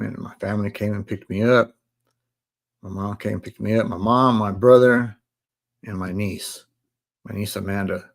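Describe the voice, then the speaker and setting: A man in his forties casually telling listeners his life story on a live stream, in relaxed slang. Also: lowish voice. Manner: relaxed street slang, addresses listeners as bro. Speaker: live stream host sharing his testimony.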